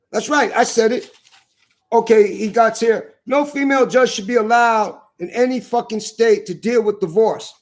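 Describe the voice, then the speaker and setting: Very high-pitched man ranting furiously. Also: unhurried. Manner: furious, repetitive, shouting at times. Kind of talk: angry profane rant to camera.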